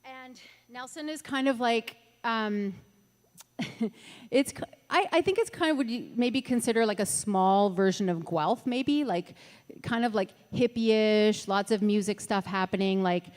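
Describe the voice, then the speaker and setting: A woman's voice: on the high side, a little slow, long reverb tail. A middle-aged woman from Ontario, a singer-songwriter chatting between songs on an outdoor festival stage, rambling with lots of fillers and laughs. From Ontario, Canada. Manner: rambling, laughs often, many fillers and restarts. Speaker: singer-songwriter performing live.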